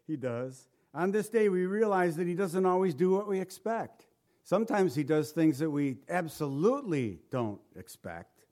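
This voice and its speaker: Male preacher, sermon, rhetorical questions, scripture quotes, slightly high voice. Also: a little slow. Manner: animated, rhetorical questions to the congregation; quotes scripture in old-style wording. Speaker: pastor. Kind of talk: Easter sermon.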